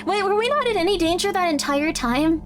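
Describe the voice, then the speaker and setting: High-voiced giggly woman streamer. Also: expressive, brisk, music in the background. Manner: giggly, chatty, talks to chat. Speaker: livestreamer. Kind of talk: casual live gameplay chat.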